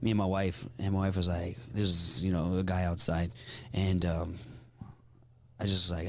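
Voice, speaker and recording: A man's voice: low-pitched, level tone, unhurried, dry recording. A man hosting a radio interview, chatting casually and emotionally, often repeating himself. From Hawaii. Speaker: radio host.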